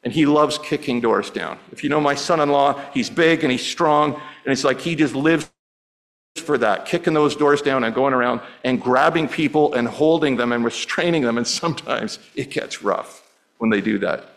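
A man's voice: mid-range voice, normal speed, gravelly, rough recording. A middle-aged man preaching a sermon as pastor, conversational and often repeating words as he restarts.

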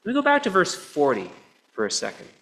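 A man preaching a sermon in a church, earnest, moving between soft stretches and emphatic ones. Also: fairly high pitch, huge pitch swings, quick pace, gravelly.

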